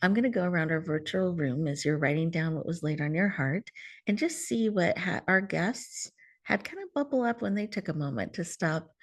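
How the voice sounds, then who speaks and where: Woman host, calm guided-breathing coach, lower voice, soothing, over a video call. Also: normal speed. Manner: soothing, warm coaching with soft laughs, drops to whispers. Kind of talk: gentle guided mindfulness talk.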